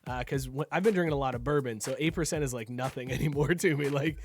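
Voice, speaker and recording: A man's voice: medium pitch, fast, a little hiss or hum. A man hosting a casual podcast chat over a video call, joking and laughing often at his own lines. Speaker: podcast host.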